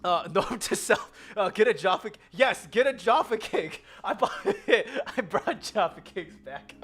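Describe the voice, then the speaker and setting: An American woman telling a story in a casual vlog, animated and giggly. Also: medium pitch, a little slow, few pauses, faint music behind. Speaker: vlogger. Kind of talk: casual chatty vlog with slides.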